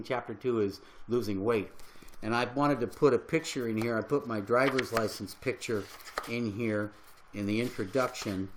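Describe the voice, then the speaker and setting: A man's voice: mid-range voice, roomy sound, slight background noise, poor audio. An older man and health coach talking casually on a livestream, earnest and rambling with fillers.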